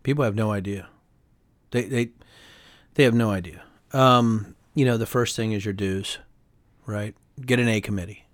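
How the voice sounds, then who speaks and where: A man, a former congressman, speaking as a guest in a candid political interview, fast and emphatic, often heated, tagging his points with "right?". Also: lowish voice, no echo. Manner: fast, emphatic and heated, many tag questions.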